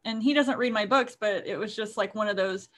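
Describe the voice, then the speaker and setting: A woman's voice: medium pitch, brisk, fairly bright tone, slight background noise. A middle-aged woman co-hosting an author podcast, chatting casually and rambling with lots of fillers. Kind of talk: casual chat.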